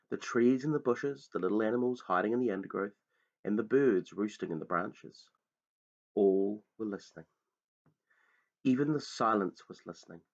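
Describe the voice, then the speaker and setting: A man reading a children's book aloud in a slow, hushed, dramatic storytelling manner. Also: lowish voice, creaky. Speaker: reader. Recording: dull lo-fi recording.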